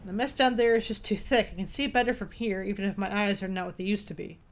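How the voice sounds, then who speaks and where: A woman's voice: medium pitch, steady tone, fast, close to an everyday voice. A woman voicing a grim, vengeful old male fisherman in a game, reading the dialogue aloud with a few stumbles.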